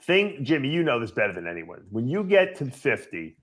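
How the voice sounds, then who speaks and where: Teasing blunt host, lively voice. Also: male voice, mid-range voice, a little fast. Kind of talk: casual chat.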